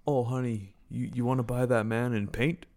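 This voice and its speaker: A man putting on a rich elderly father who indulgently humors his daughter, speaking softly and repeating himself. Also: mid-range voice, little pitch movement, moderate pace, lightly acted.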